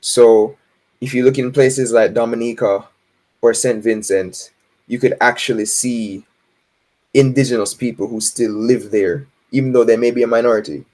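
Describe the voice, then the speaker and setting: A Jamaican man, a guest in a casual interview, explaining things in a relaxed way with frequent laughs and "right?" tag questions. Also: mid-range voice, normal speed.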